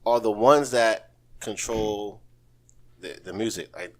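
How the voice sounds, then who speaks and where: A man's voice: on the low side, slow pace. A man co-hosting a casual podcast, insistent and repeating himself as he makes his point. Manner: insistent, repeats words when pressed. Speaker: podcast co-host. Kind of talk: casual chat.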